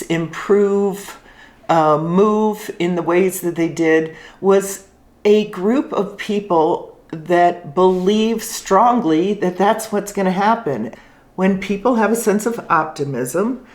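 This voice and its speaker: An older woman hosting a vlog, telling stories in a calm, reflective way and leaning slowly on key words. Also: on the low side. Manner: calm, reflective storytelling with slow deliberate emphasis. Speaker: life coach host. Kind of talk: casual talking-head vlog.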